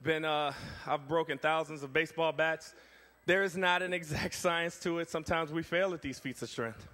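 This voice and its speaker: On stage at a church event, a man with a slightly high voice performs a strength ministry demonstration at a moderate pace. He talks energetically and rallies both the audience and the kids.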